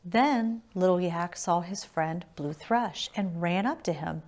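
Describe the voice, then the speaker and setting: A woman librarian reading a picture book aloud at a children's storytime. Her voice sits slightly low, and she reads slowly and clearly so the children can follow. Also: a little mellow.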